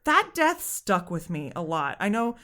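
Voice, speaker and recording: A woman co-hosting a podcast, chatting casually about a movie, laughing often and acting out scenes in quick little voices. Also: fairly low pitch, sing-song, sharp tone. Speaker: podcast co-host. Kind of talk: casual movie review chat.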